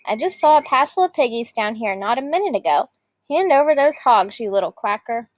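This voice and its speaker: Screeching old witch, grouchy and hungry, high shrill voice, as a woman reads her. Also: lively intonation, brisk, no room sound. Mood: shouting. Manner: screeching, shouting, cackling.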